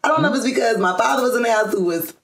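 Guesting on a casual interview, a woman from Georgia in the US rambles at a racing pace, full of fillers and restarts, laughing often. Her voice is on the high side and fairly bright, with a roomy echo in the recording.

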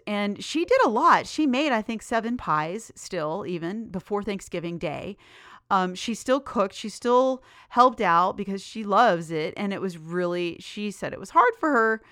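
A middle-aged woman hosts her own podcast with bubbly, chatty enthusiasm. Her voice is smooth and clear, with a mid-range pitch. She is recorded up close on a dry mic with no room sound. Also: fairly bright tone, no echo. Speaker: podcast host. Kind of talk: casual solo podcast chat.

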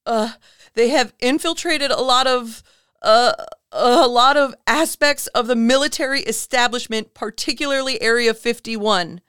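Brief: a woman playing a frantic man on the run, panicked and close to tears, high and strained, clear tone. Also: a bit bright, dry recording. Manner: sputtering, near tears, halting. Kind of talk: podcast chat.

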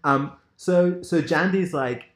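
A man's voice: on the high side, slow. A man chatting casually on a podcast, rambling with lots of fillers and laughing asides as he recaps a show. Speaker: podcast co-host. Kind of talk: casual chat recapping a TV drama. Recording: roomy echo.

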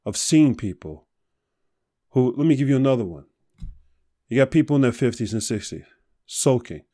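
A man hosting a podcast, giving a blunt motivational talk full of rapid rhetorical questions and profanity. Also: medium pitch, darkish tone, no echo, clean studio sound. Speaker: podcast host. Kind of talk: motivational monologue.

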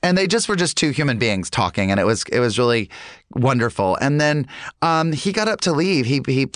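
A man's voice: medium pitch, big pitch swings, a little fast, fairly bright tone, dry recording, studio quality. A man telling a casual anecdote, rambling with lots of fillers and restarts. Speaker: storyteller.

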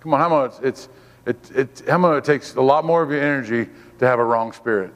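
A man's voice: mid-range voice, quick pace, in a large hall. A man giving a sermon as a guest preacher, fervent and repetitive, calling on the congregation to respond. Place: church.

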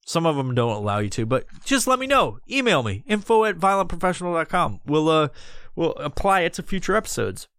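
Recording alone, this podcast host speaks fairly quickly in a slightly high, bright voice with big swings in pitch. His history talk is loose, jokey, rambling and full of profanity. His tone is clean and the recording is dry.

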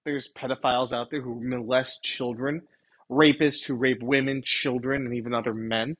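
A man's voice: medium pitch, steady tone, moderate pace, a bit bright, lo-fi sound. A man giving an informal preaching monologue, rambling and correcting himself as he retells scenes and quotes scripture. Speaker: Christian commentator.

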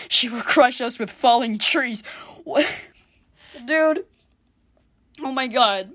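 A woman's voice: fairly high pitch, animated, takes it slowly, long pauses, a bit bright, no room sound. A woman hosting a solo comedy podcast, joking sarcastically with lots of swearing. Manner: sarcastic, profane, jokey. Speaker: podcast host. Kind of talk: casual comedic monologue.

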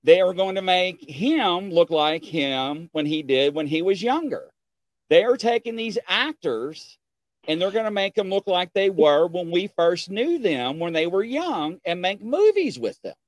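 In a casual chat, a man tells a story in a higher-leaning voice, his pitch swinging widely as he plays each person's lines. He's very animated and keeps checking in with a quick "okay?" The recording is dry and close, with no room sound.

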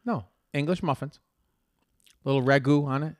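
A man's voice: mid-range voice, normal speed, dry recording, studio quality. A man co-hosting a casual comedic debate, teasing and mock-formal as he argues his side.

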